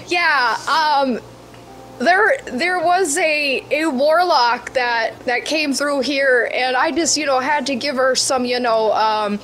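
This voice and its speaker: Woman putting on a high midwestern ghost goddess lady, slow and folksy, calls everyone bud. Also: a bit bright, a little hiss or hum, poor audio. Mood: rambling. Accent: American Midwestern. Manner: folksy, rambling, keeps calling people bud. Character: chatty dead woman turned cosmic patron deity. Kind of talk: tabletop role-play in character.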